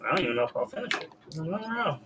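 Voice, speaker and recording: A man's voice: a little high, very animated, racing, crowd noise, rough recording. A man who is a guest artist on a live drawing stream, talking casually and muttering to himself as he works. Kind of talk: casual chat while drawing.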